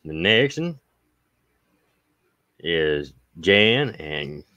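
A host reads viewer mail on a casual livestream in a low, smooth, resonant voice with an Appalachian accent. He sounds bright, forceful and very animated, speaking very slowly in a folksy way and stretching his thanks out long. The audio is close, dry, echo-free and dull.

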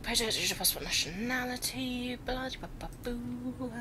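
A woman's voice: on the high side, moderate pace, background noise. A woman giving casual commentary while playing a video game, reading the on-screen text aloud and joking about it. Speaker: let's play gamer. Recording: game music underneath. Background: game music.

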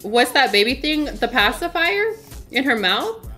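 Lively, laughing woman streamer. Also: high-pitched, unhurried, faint music behind. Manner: chatty, laughs often, talks to chat. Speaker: game streamer. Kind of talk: casual gameplay commentary.

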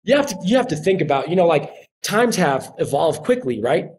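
Animated Colombian-accented man, slightly high voice. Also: fairly quick, slight background noise. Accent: Colombian Spanish. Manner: animated storyteller acting out quoted voices. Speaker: podcast guest, actor. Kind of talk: casual interview chat.

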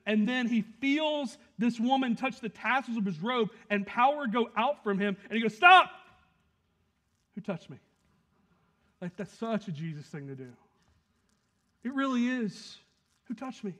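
A man preaching a sermon, swinging between loud emphasis and quiet asides and acting out quick quotes. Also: very high voice. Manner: plays out the scene with quick acted quotes. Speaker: pastor.

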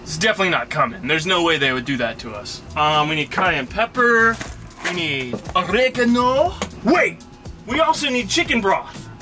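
Casting note: high-pitched male vlogger, jokey and rambling, cooking in a van with music behind. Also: lively intonation, normal speed, bright, forceful tone. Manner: jokey, rambling, self-mocking. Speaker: vlog host. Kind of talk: casual cooking vlog. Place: inside a van in a parking lot.

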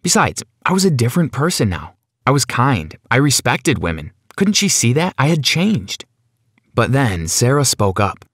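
A man narrates his own story for an animated video, leaning into the drama with an anxious edge. His voice sits in a middle range and moves up and down a lot as he tells it. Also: mid-range voice, normal speed, breathy edge, no echo, studio quality. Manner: dramatic, anxious first-person telling.

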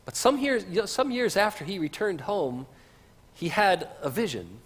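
Male pastor, sermon; husky, animated delivery, easygoing asides; reverberant church stream. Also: high-pitched, moderate pace. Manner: conversational, with casual asides. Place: church sanctuary.

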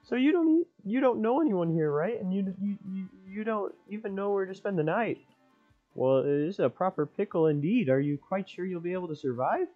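A man's voice: sits high, expressive, a little fast, narrow, tinny audio, faint music behind, pitched above the performer's own voice. A man voicing a fussy, genteel middle-aged male professor in a theatrical, overly proper manner, improvising over game dialogue.

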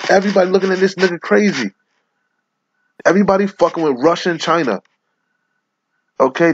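A man's voice: a little high, husky, dry recording. A man giving an angry, profane rant in which he reads scripture aloud and lectures his listeners. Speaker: religious commentator. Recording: lo-fi muffled audio.

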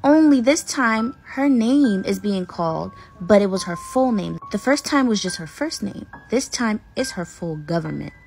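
A woman's voice: mid-range voice, lively intonation, moderate pace, gravelly, few pauses, darkish tone, soft background music. Woman telling a scary story. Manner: dramatic, suspenseful. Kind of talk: casual spoken ghost story.

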